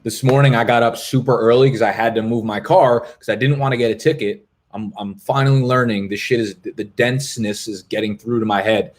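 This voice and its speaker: A man's voice: mid-range voice, fairly even intonation, a little fast, few pauses. A man in his twenties hosting a fantasy football live stream, chatting casually with viewers in a rambling, profane, jokey way. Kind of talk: casual live-stream chat reading comments. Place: apartment in Brooklyn.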